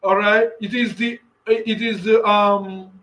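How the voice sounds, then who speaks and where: High, bright-voiced man preaching fervently. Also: level tone, slow, rough recording. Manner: preaching with emphatic shouted bursts; repeats and restarts phrases. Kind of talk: impassioned sermon.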